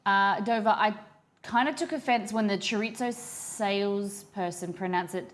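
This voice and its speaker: A young woman with a mid-range voice hosts a cooking livestream at a moderate pace. She chats casually and rambles while reading her viewers' messages out loud.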